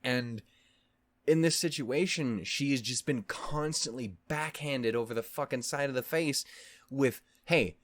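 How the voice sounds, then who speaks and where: A man's voice: medium pitch, a little slow, no echo. A man giving emotional, profanity-heavy reaction commentary that rambles with frequent restarts. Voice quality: voice actor's expressive delivery. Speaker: reaction video host.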